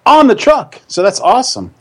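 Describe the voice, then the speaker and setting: Rambling lively New man. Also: very high-pitched, normal speed, slightly rough. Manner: rambling, laughs a lot, many fillers. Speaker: co-host. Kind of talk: casual chat.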